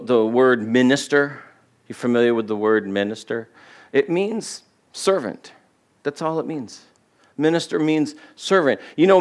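A middle-aged man preaching a sermon as a pastor, chatty and informal in tone. His voice sits at an ordinary pitch, then leaps high and loud when he plays the people in the story. He talks to the congregation as if chatting with friends. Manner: conversational, acts out quotes with jumps in pitch.

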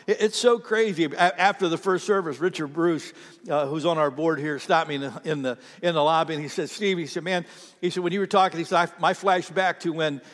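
High-voiced impassioned male preacher in a reverberant hall. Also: fairly even intonation, brisk. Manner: impassioned preaching, rising to near-shouts and dropping to quiet. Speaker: pastor. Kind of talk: sermon. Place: church sanctuary.

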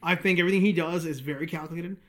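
A young man co-hosting a casual podcast chat, opinionated and animated, swearing freely. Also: on the high side, rapid-fire. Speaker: podcast co-host.

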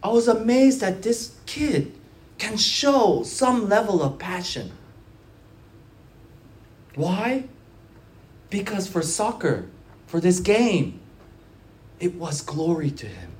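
A pastor delivers a conversational sermon, animatedly telling stories that swing between quiet and loud, often repeating or restarting phrases. His mid-range voice moves at a slow pace with frequent pauses, and the room is echoey.

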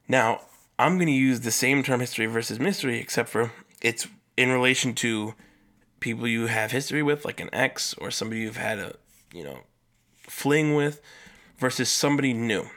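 Man, solo podcast host, casual rambling talk, curses a lot, lots of fillers, middle pitch, jumps high for emphasis. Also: fairly bright tone.

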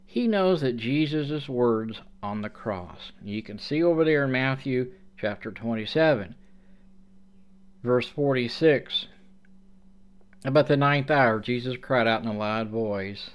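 A man preaching a sermon, reading scripture aloud and explaining it with slow, deliberate emphasis. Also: mid-range voice, clear, resonant tone.

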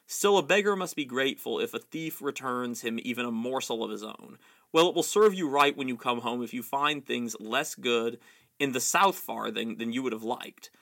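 A man's voice: mid-range voice, lively intonation, normal speed, creaky, fairly bright tone. A man reading aloud, voicing a bitter, ruined old male wizard who sneers, whines and spits scorn at everyone. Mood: greedy. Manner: sneering, whining and spiteful.

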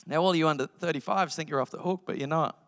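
A young man preaches with a high, bright, ringing voice, lively and joking, slipping into mocking impressions of entitled people. His voice carries through a large church hall with a long echo. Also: fast. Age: young adult. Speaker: pastor. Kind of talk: sermon.

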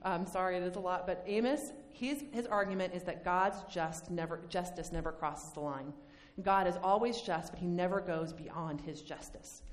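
A woman's voice: lowish voice, moderate pace. Woman teaching Bible study in reverberant hall. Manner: conversational, animated, acts out quoted lines.

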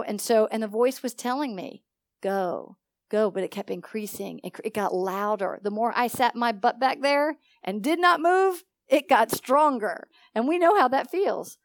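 A woman's voice: on the high side, dry recording. Woman preaching a sermon, dry sound. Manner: testimony-filled teaching, asks the congregation questions. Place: church.

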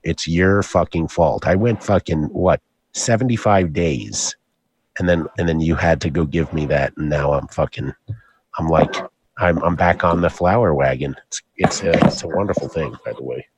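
A man co-hosting a casual chat, animated and profane, often laughing. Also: extremely low pitch, moderate pace, a little hiss or hum.

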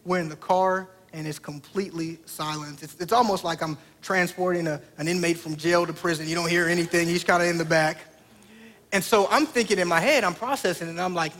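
A man's voice: high-pitched, brisk, a bit bright. A man in his thirties, a pastor preaching a sermon through a family story, talking conversationally and putting direct questions to the congregation.

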